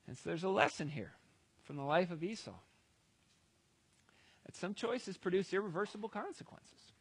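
A male preacher with a fairly high voice tells a scripture story in an easy, conversational way, slipping in wry asides. The sound is close and dry, with no echo. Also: animated, normal speed, slightly rough. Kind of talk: sermon retelling a scripture story.

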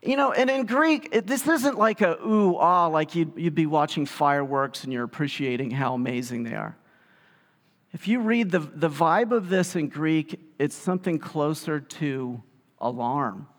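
A male pastor preaching a sermon in a conversational, animated storytelling way, with casual asides. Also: fairly high pitch, measured pace. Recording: reverberant hall sound.

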